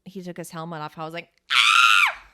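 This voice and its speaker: A woman's voice: lowish voice, little pitch movement, very fast, shouting, very noisy. A young woman co-hosting a podcast, telling a bar story in casual chat, swearing and acting out quotes. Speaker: podcast co-host.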